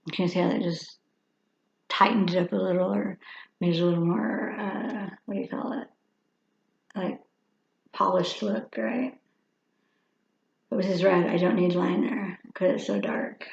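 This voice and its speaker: A woman's voice: on the low side, fairly even intonation, unhurried, gravelly, pauses often. A woman over fifty chatting casually through a makeup tutorial, rambling and talking to herself as she works. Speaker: makeup vlogger. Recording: echoey room, dull lo-fi sound.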